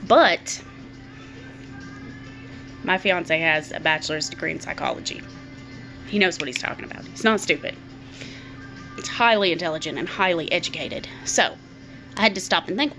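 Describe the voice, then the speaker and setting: A middle-aged woman talks openly to her camera in a fairly low voice, circling back over her words as she works through her thoughts. Faint music plays quietly under her speech. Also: normal speed, long pauses. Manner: candid, repeats words while thinking aloud. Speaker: vlogger. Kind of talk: personal talk to camera.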